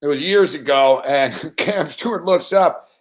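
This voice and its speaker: A man hosting a sports betting show, telling a late-night story in a profane, rambling, animated way. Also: fairly high pitch, a little slow, roomy sound.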